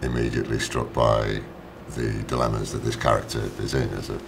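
Man, actor in an interview, extremely deep voice, gravelly, halting restarts, noisy recording. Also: steady tone. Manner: halting, restarts and repeats words. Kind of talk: press junket interview.

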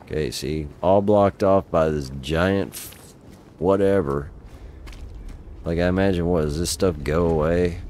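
A man's voice: low voice, unhurried, darkish tone, a little hiss or hum. A middle-aged man giving exasperated, profane live commentary while playing a game, talking to himself at a desk mic. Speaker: gaming channel host.

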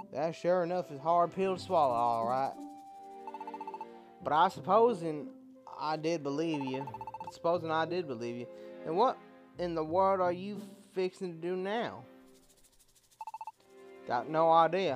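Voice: mid-range voice, measured pace, pauses often, music in the background, natural voice. A gamer voicing a kindly folksy male Pokemon in an American Southern drawl, reading video game dialogue aloud with homespun turns of phrase. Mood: skeptical.

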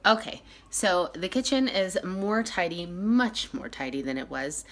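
A woman's voice: lowish voice, very animated, a little slow. A woman in her thirties, a mother of five, chatting to viewers in a casual home vlog from her kitchen. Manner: chatty, upbeat, talking to viewers. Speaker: family vlogger, mother of five.

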